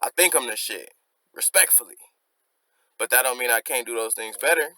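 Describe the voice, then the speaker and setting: Bright-voiced man breaking down lyrics. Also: medium pitch, no room sound, poor audio. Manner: reflective, explains lines slowly with casual slang. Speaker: music reaction host. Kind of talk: casual breakdown of song lyrics.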